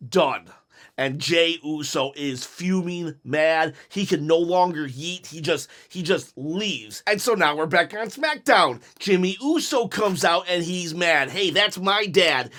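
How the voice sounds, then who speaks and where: A man hosting a casual wrestling commentary show, energetically pitching storyline ideas and slipping into quoted lines from the wrestlers. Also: expressive, measured pace, few pauses, a bit bright. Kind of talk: casual fantasy-booking commentary.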